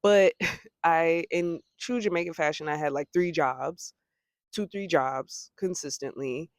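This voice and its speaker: A young American woman talking casually to the camera in a vlog, chatty, with laughing asides and lively quoting of her own thoughts. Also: deep voice, measured pace, no echo, clean studio sound. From United States. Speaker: vlogger. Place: home abroad.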